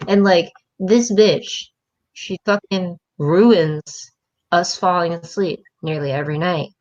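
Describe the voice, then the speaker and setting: A woman's voice: on the low side, takes it slowly, lo-fi sound. A woman hosting a casual livestream chat, blunt and swearing, laughing often. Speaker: livestream host.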